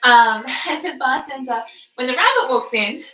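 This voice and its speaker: A woman's voice: on the high side, measured pace, sharp tone, soft background music. A young woman with an Australian accent guiding an online Pilates class, chatty and informal with lots of ums. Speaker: Pilates instructor. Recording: echoey room.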